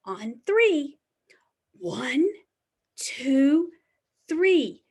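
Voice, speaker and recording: A woman reading a picture book aloud to young children as their preschool teacher, animated and sing-song, often dropping to a hushed whisper. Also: high voice, extremely slow.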